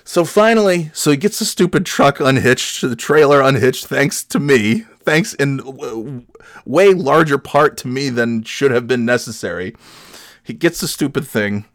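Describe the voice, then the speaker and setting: A man's voice: medium pitch, animated, a little slow, a bit bright, no echo, clean studio sound. Rambling, profane male storyteller. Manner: rambling, profane, self-deprecating. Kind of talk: comedic storytelling.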